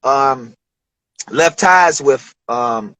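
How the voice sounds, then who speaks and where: A man in his forties from Detroit, a rapper telling studio stories in a loose, profane, animated way during an interview. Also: mid-range voice, very slow, dry recording, poor audio. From Detroit, USA. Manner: profane, animated storytelling with acted quotes. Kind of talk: casual storytelling interview.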